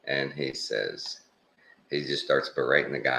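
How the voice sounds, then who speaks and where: Very deep gravelly Texan man. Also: lively intonation, a little slow, pushed and bright, reverberant, a little hiss or hum. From Texas. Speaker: reaction video host. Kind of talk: casual commentary while watching clips.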